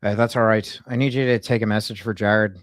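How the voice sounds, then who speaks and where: A man voicing a polite, folksy Irish male wealth manager on a prank call, speaking in a calm, courteous, unhurried way with an Irish accent. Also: fairly low pitch, no echo, studio quality, lightly acted.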